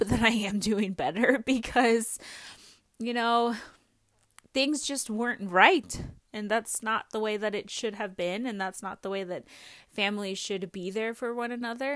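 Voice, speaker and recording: A woman's voice: mid-range voice, fairly bright tone, no echo, studio quality. A young woman hosting a podcast, talking candidly and at length about her own life, with frequent small laughs and many fillers. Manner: candid, rambling, laughs often. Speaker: podcast host. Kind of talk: personal reflective monologue.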